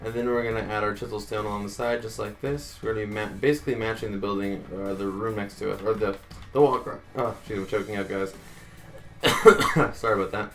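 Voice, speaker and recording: Fast, gravelly man narrating a tutorial. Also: fairly low pitch, steady tone, faint music behind. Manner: chatty, addresses viewers as guys, counts blocks aloud. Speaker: Minecraft tutorial host. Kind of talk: casual building tutorial narration.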